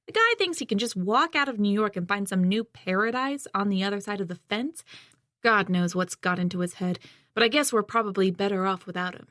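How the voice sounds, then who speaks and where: A woman voicing a gruff middle-aged man who leads a band of survivors, speaking bluntly and dismissively in an audiobook. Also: medium pitch, lively intonation, a little fast, fairly bright tone, dry recording, clean studio sound, lightly acted.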